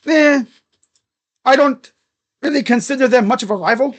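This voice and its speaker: A man calling a ball game live as a fan from his room at home, excitable, chatting to viewers and shouting at the players. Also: very high voice, moderate pace, dull audio. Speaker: fan streamer calling play-by-play. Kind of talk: live fan reaction and play-by-play. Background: dogs barking.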